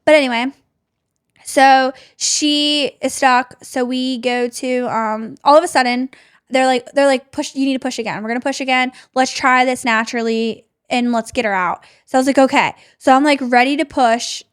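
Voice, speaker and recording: A woman's voice: fairly even intonation, normal speed, clear, resonant tone. Chatty young woman telling a story. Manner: chatty, says "like" constantly, drops to a soft low voice for tense parts. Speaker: podcast host. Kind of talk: personal storytelling, casual chat.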